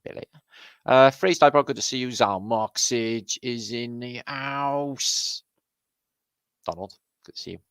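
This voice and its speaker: A man's voice: medium pitch, measured pace, fairly bright tone, clear, resonant tone, no room sound. A man with a Welsh accent hosting a casual livestream, greeting viewers by name with jokey, sweary banter. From Wales. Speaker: livestream host.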